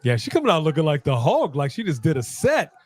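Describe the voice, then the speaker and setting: A man's voice: a little high, huge pitch swings, fast talker, slightly rough. A man co-hosting a live wrestling watch-along, reacting with playful trash talk.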